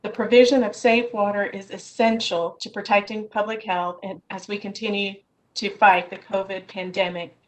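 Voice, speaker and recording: Over a video call from her office, a woman testifies remotely at a Senate hearing, reading a prepared statement in a measured way. Her voice is medium-pitched, and the recording is rough.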